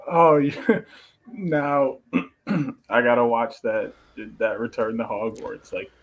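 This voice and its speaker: Male podcast co-host, casual chat, husky, relaxed. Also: mid-range voice, takes it slowly.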